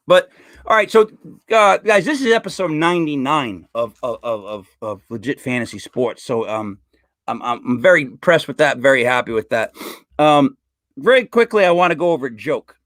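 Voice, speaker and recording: High, bright-voiced podcast host. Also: male voice, no echo. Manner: rambling storyteller, animated with joke voices. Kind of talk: casual podcast chat.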